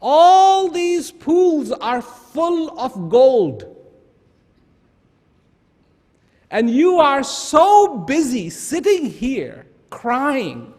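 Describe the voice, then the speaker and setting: A man voicing a wise male traveler who gives advice in a slow, emphatic teaching manner. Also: high-pitched, pitched above the performer's own voice, exaggerated voice. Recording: long hall reverb.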